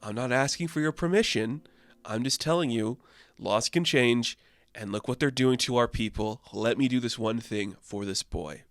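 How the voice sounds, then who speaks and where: A man voicing a resolute warrior princess woman in a quiet, low, steady voice. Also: moderate pace, no echo, lightly acted.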